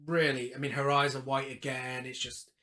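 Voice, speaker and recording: Bright-voiced man recapping a film. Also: medium pitch, little pitch movement, moderate pace. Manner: recaps the plot, then breaks into laughing asides. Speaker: podcast co-host. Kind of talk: casual film chat with plot recap.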